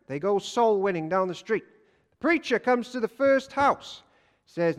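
Pastor preaching, high voice, lively then hushed, long church echo. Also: male voice, moderate pace, pauses often. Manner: energetic storyteller, swings from loud to hushed. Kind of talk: sermon.

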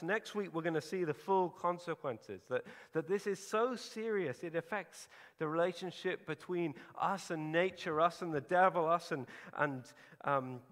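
A man preaching a sermon, earnest and emphatic, pausing for effect. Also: high voice, a bit bright. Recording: hall reverb.

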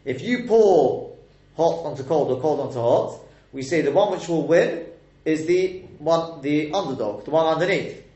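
A man's voice: a little high, animated, normal speed, dark tone, muffled recording. A man teaching a text lesson, explaining step by step and quizzing his listeners with rhetorical questions. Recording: echoey room.

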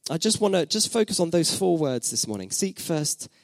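A man's voice: on the high side, sing-song, normal speed, no echo. A man in his thirties preaching a sermon as pastor, reflective, asking his listeners questions and repeating phrases for emphasis.

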